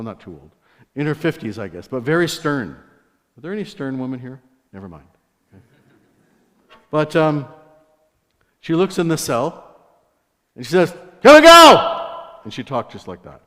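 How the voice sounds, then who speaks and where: Male preacher, conversational storyteller, church hall reverb, mid-range voice. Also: mid-range voice. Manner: storytelling, conversational with asides to the congregation. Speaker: guest preacher. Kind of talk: sermon testimony. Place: church sanctuary.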